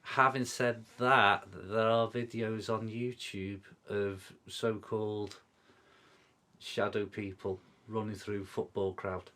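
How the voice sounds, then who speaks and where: A man's voice: fairly low pitch, flat delivery, takes it slowly, bright, forceful tone. A man co-hosting a podcast, rambling through an explanation in casual chat. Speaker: podcast co-host.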